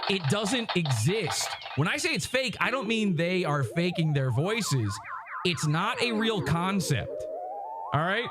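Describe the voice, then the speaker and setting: A man's voice: sits high, a little slow, background noise. A man hosting a livestream podcast, ranting in a mocking way and slipping into impressions. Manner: animated, mocking, slips into impressions. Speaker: podcast host.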